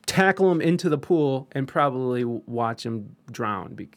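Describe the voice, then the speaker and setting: A man's voice: medium pitch, expressive, moderate pace. A young man in casual chat, telling a story with lots of swearing, restarts and self-deprecating humor.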